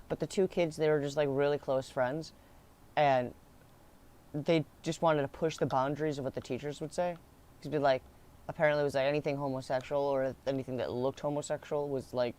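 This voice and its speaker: A man's voice: medium pitch, steady tone, moderate pace, a little mellow. A young man telling a school story in a rambling, casual way, laughing and swearing as he goes.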